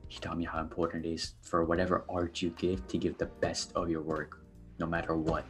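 Brief: low-voiced teen guest on a podcast, earnest and faltering, with faint music underneath. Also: male voice, little pitch movement, a little fast. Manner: earnest, hesitant, many fillers. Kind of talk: personal storytelling on a podcast.

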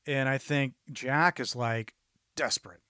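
A man's voice: medium pitch, a little slow, bright, forceful tone, clean tone, no echo, clean studio sound. Joking, sardonic man on a podcast. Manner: joking and sardonic, swears casually. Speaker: podcast co-host. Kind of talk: casual chat.

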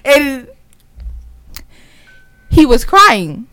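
Una mujer que conversa de forma casual, contando una historia con animación y soltando risitas mientras habla. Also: female voice, a little high, brisk, clear, resonant tone, dry recording. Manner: giggly, keeps chuckling while she talks; animated storyteller. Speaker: podcast co-host. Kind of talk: casual chat.

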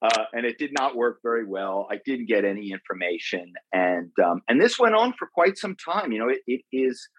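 A man's voice: medium pitch, very animated, normal speed, few pauses, fairly bright tone, dry recording, lo-fi sound. A middle-aged man as an interview guest, telling a long personal story in a loose, rambling way, full of fillers and restarts. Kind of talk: conversational storytelling.

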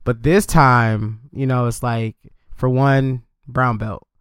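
Relaxed male podcast host, smooth resonant voice, dry close recording. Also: mid-range voice, slow, dry recording. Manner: relaxed, thinking aloud with fillers. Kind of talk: casual interview chat.

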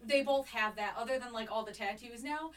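A woman co-hosting a podcast in casual chat. She talks loudly, swears freely and laughs often. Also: on the high side, a little fast, distant mic. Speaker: podcast co-host.

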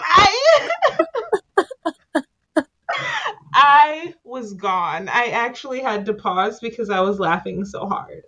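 A woman co-hosting a casual chat show, retelling scenes with lively laughter. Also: fairly high pitch, slow, long pauses. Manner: lively storyteller, laughs a lot. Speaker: podcast co-host. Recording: dull lo-fi sound.

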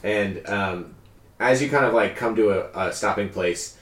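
Low-voiced man running a tabletop game. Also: measured pace, a bit bright, recorded from a distance. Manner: loose, hesitant, lots of fillers. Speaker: game master. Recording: echoey room, off-mic, faint hiss.

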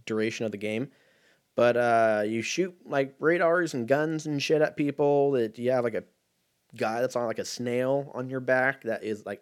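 A man in his thirties with a somewhat low voice runs a casual solo podcast. He rambles loosely and cheerfully profanely, stacking fillers as he drifts from point to point. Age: 30s. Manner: rambling, profane, laid-back with frequent fillers.

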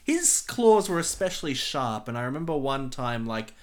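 A man's voice: mid-range voice, sing-song, moderate pace. Laid-back, hesitant man chatting. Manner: laid-back, hesitant, many fillers and restarts. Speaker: podcast co-host. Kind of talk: casual chat.

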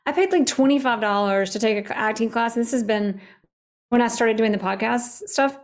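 A woman's voice: fairly high pitch, brisk. A woman hosting a casual podcast interview, talking with energy and enthusiasm. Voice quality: energetic and enthusiastic, fond of emphatic asides. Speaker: podcast host.

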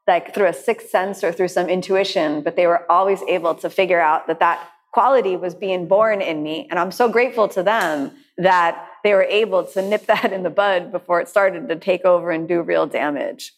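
A woman's voice: fairly low pitch, normal speed, hardly any pauses. Reflective woman teaching yoga. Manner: reflective, warm storytelling with many restarts. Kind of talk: talk with audience questions. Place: studio class with people also joining online.

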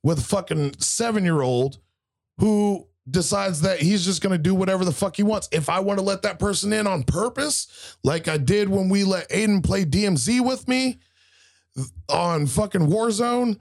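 A man's voice: high-pitched, moderate pace, vocal fry. A man in his thirties co-hosting a casual talk show, ranting heatedly and swearing constantly. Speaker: podcast co-host. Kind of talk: casual profane rant.

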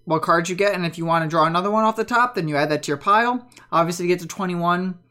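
A woman's voice: fairly low pitch, rapid-fire, pushed and bright. A woman running an online tabletop game as game master, chatty and patient as she explains the rules.

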